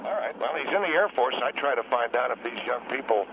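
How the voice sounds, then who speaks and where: A man voicing a gruff older husband who is a guest on a talk radio show. He grumbles and rambles in a suspicious way. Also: medium pitch, expressive, fast talker, dull audio, noisy background, voice pushed down, lightly acted. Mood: grumbling.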